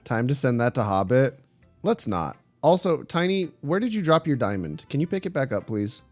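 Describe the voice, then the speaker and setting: A man's voice: mid-range voice, very animated, normal speed, dry recording, soft background music. A man streaming live through a slight voice changer, bantering crudely with chat as he reads it. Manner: crude, joking banter while reading chat.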